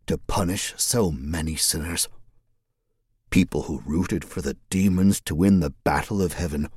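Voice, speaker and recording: Villain read: a man doing a low, unhurried East Coast zealot, husky and eerily pleased. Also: dry recording, clean studio sound. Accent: East Coast American. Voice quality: low, relaxed, almost casual. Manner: slow, measured, eerily pleased. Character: cultured, calm male religious killer.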